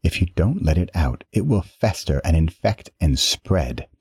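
Snide, menacing tormentor, read by a man, uppity and mocking, dark husky tone. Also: low-pitched, sing-song, no room sound, clean studio sound, full character voice. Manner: sneering, snarky, drawn-out threats.

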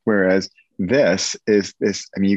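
A man's voice: deep voice, flat delivery, a little slow, a little mellow, no echo, lo-fi sound. A man hosting a podcast, enthusiastic and encouraging, playfully mimicking voices as he talks. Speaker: podcast host. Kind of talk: casual podcast chat.

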